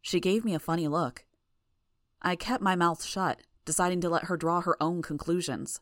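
A woman reading a first-person audiobook in a measured, even way. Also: fairly low pitch, no room sound, studio quality. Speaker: audiobook narrator.

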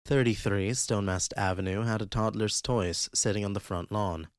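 A man narrating a fan-made audiobook in a steady, even storytelling manner. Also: fairly low pitch, normal speed, smooth, no echo, clean studio sound.

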